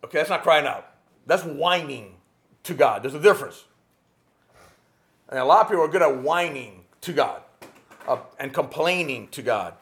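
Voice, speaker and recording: A man preaching a sermon with passion, rising to near shouts and dropping to quiet, earnest tones. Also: fairly high pitch, expressive, normal speed, creaky, pauses often. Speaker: pastor.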